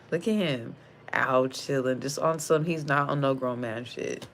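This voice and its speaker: A young woman tarot reader gives a casual reading, blunt, slangy and heavily profane, addressing the viewer as sis. Her voice is deep with vocal fry, at normal speed, and a faint hiss or hum can be heard.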